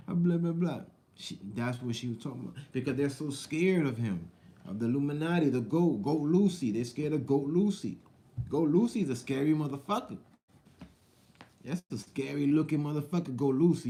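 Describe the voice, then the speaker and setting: A man's voice: a little high, expressive, normal speed, dark tone. A man hosting his own channel, chatting casually and rambling straight to his viewers, repeating himself often. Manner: rambling, repetitive, talks to viewers directly. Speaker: vlogger and channel host. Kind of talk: casual live-stream chat.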